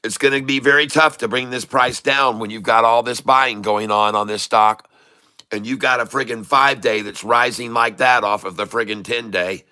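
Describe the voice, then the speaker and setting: A middle-aged man hosting live day-trading commentary, excitable and folksy, repeating phrases for emphasis. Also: medium pitch, normal speed. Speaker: day trader host.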